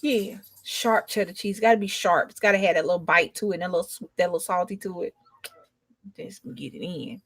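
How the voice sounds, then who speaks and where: A woman's voice: fairly low pitch, fairly quick, fairly bright tone, no room sound. A young adult woman rambling in casual chat, drawling and emphatic as a co-host.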